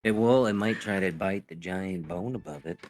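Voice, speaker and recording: Player, male, very deep voice, playful and jokey. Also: darkish tone, faint music behind. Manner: jokey, playful, quick to tease. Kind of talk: casual tabletop game chat.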